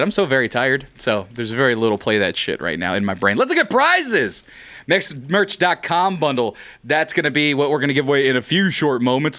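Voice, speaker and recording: Casting: male stream host in his thirties, from California, slightly high voice, loose and joking, rambling. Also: a bit bright. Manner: joking, rambling, playful swearing. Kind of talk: casual livestream chat.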